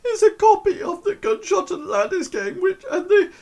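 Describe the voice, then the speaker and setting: A slight, emotional young woman for a tabletop game. The voice jumps far up into a high, breathy squeal and swoops about a lot. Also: very animated, moderate pace, mellow, exaggerated voice. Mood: tearful. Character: slight young woman, tearful then overjoyed.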